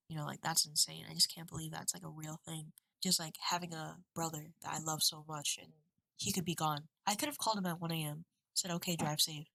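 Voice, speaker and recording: A young woman in her twenties vlogs into her webcam at home, rambling and emotional as she talks through a hard stretch. Her voice sits low yet sounds bright and forceful. The room is dry, with little echo. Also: gravelly. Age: 20s. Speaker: vlogger. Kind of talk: confessional webcam vlog.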